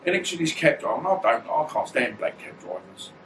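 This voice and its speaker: A man's voice: mid-range voice, big pitch swings, fairly quick, background noise. Rambling man in his fifties. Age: 50s. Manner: rambling, blunt, slangy. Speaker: guest, former boxer. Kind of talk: casual storytelling. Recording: roomy echo, distant mic, faint ambience.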